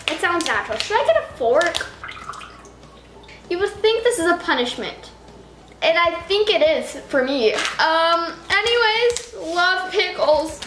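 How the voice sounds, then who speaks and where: In a casual food-tasting vlog, a woman with a very high-pitched, slightly bright voice rambles on camera, making fun of herself as she goes. Faint noise and echo fill the room.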